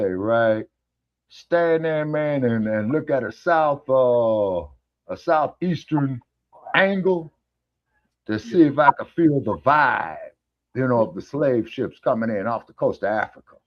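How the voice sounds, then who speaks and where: A man's voice: medium pitch, lively intonation, measured pace, dry recording. A man chatting casually as a co-host and spinning folksy road-trip yarns. He swears freely and voices the other people in his stories. The recording is lo-fi and muffled, with a dry, close sound. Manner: folksy storyteller, swears freely, acts out dialogue. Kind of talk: casual chat on an online talk show. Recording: dull, dry lo-fi audio.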